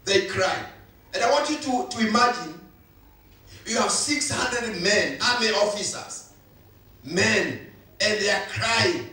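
High bright preacher in echoey hall. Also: male voice, animated, slow pace, long pauses, recorded from a distance. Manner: preaching with emphatic repetition. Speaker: pastor. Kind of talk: sermon. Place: church hall.

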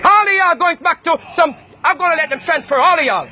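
A man from Jamaica, loudly accusing and taunting people in a heated street confrontation. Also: very high voice, brisk. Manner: loud, accusing, repetitive taunting. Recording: noisy crowd around, outdoors.

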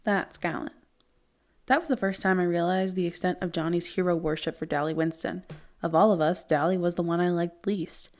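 A woman's voice: lowish voice, steady tone, a little fast, darkish tone. A woman teacher reading a novel aloud, giving the characters' dialogue its own earnest tone. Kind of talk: audiobook read-aloud with character voices.

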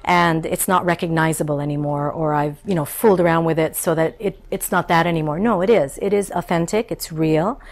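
A woman's voice: sits low, fairly even intonation, fairly quick, creaky, hardly any pauses. A middle-aged woman, a chef and cookbook author, recalling her childhood in a storytelling interview. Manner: warm storytelling, acts out childhood voices. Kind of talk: interview conversation.

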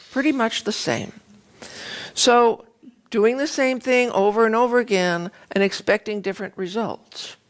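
A woman minister giving a conversational sermon, retelling a fairy tale with lively, animated storytelling. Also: mid-range voice.

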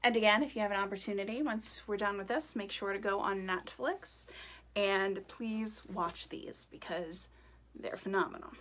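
A woman, a teacher type, reading a picture book aloud to children in a gentle, chatty way. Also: mid-range voice, normal speed.

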